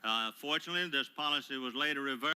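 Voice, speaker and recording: An older man, a retired admiral, delivers prepared testimony into a table microphone in a hearing room. His manner is formal and measured, broken by frequent hesitant pauses. His medium-pitched voice sounds bright, forceful and clean.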